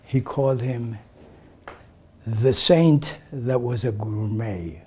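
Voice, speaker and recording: An older man recalling memories for a gathering in a slow, reflective way, his voice often sinking to a soft, breathy near-whisper. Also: medium pitch. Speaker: community elder sharing memories. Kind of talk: reminiscing talk to a gathering.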